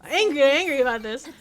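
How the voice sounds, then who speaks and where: High-voiced woman streamer ranting heatedly. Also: vocal fry. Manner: heated, profane, filler-heavy venting. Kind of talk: casual ranting chat on stream.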